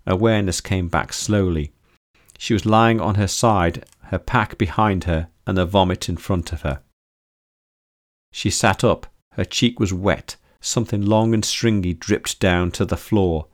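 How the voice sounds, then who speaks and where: A man narrating an audiobook in a steady, measured storytelling manner. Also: deep voice, no room sound, clean studio sound. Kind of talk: scripted narration.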